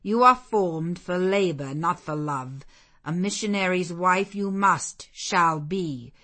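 A woman's voice: slow, bright, forceful tone, heavily acted. A woman voicing a stern zealous clergyman. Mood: commanding. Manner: deep, relentless, commanding. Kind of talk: audiobook character voice.

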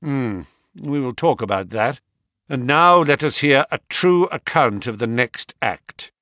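A man's voice: mid-range voice, expressive, a little slow, pushed and bright, dry recording, studio quality. A man doing a stern, commanding detective. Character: stern, cool-headed male detective. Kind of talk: audiobook character reading.

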